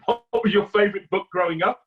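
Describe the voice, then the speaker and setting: A man with a fairly high voice hosts a casual interview, hesitating and laughing between questions. The recording sounds slightly dull, as if the top end has been cut off. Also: fast. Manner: hesitant, laughs often, friendly. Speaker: interviewer host.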